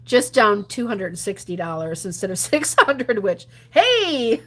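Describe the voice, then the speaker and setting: At a measured pace, a woman who livestreams gambling chats loosely with her audience and replies to their comments. She laughs frequently, her animated voice rising in lively spurts and sinking to whispers and low mutters.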